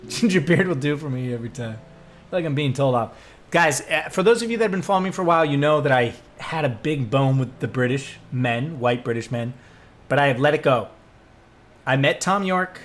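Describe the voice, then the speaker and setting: An American man casually chatting on a live stream, swearing often and ranting loudly when worked up. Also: medium pitch, animated. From United States. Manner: profane, ranting, gets loud and drawn-out when worked up.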